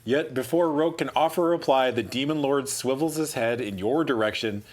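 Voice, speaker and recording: A man's voice: medium pitch, normal speed. A man running a tabletop gamebook session, reading the text aloud and chatting with a lot of casual swearing. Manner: laughs often, swears casually. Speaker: game master.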